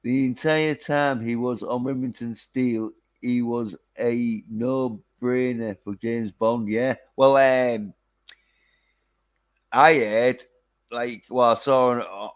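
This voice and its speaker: A man's voice: medium pitch, fairly even intonation, slow pace. A man casually chatting through a film review, rambling with lots of fillers and casual swearing. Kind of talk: casual chat.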